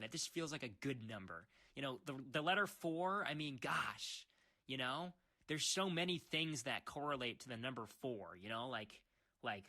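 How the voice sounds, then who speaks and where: Bright-voiced man rambling in mock seriousness. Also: medium pitch, big pitch swings, normal speed. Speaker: world creator narrating a puzzle. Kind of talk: rambling comedic monologue.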